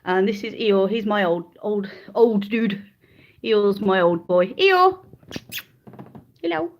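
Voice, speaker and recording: In a muffled recording with a bit of hiss or hum, a woman speaks slowly in a mid-range voice with fairly even intonation. She's a vlogger livestreaming casually from her phone in the living room of a rented house, easily sidetracked as she talks to viewers and calls her dogs. She holds the phone, then places it on a stand.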